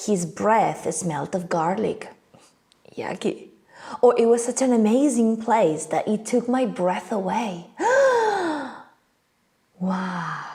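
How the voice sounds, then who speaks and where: Lively woman teaching English. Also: on the high side. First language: not English. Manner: animated, playful, acts out little scenes. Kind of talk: online language lesson.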